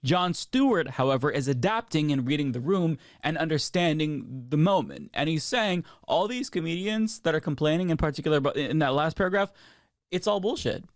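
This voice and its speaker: A man's voice: fairly high pitch, lively intonation, brisk, no room sound, clean studio sound. A man delivering opinionated video commentary on the news, blunt and swearing freely. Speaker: political commentator.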